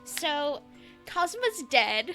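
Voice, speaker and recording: A woman's voice: high voice, very animated, slow pace, pushed and bright, faint music behind. A woman streamer chatting casually with a friend, rambling and giggly as she recaps a game's story. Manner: giggly, rambling, swears freely. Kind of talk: casual let's-play chat.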